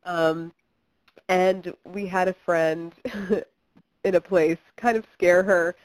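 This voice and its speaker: A woman's voice: on the low side, fairly even intonation, slow pace, dry recording, poor audio. A young woman from Kentucky, a filmmaker guest in an interview, talking chattily with many fillers and restarts. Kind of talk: interview conversation.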